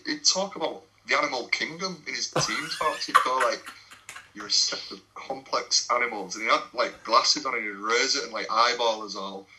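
A man's voice: medium pitch, brisk, few pauses, pushed and bright, slight background noise, poor audio. A young English man, a non-league footballer, telling laddish stories in a casual podcast chat, swearing and laughing as he goes.

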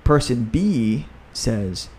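Man playing an upbeat gym owner chatting on a podcast, his voice sitting at an ordinary middle pitch. He talks quickly and piles on fillers like "you know" and "like," and he sounds eager to share. A faint hiss of room noise sits under him. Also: very animated, a little mellow. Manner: upbeat, talks fast with many fillers, reads aloud from his own book. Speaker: fitness coach and gym owner. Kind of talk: casual podcast conversation.

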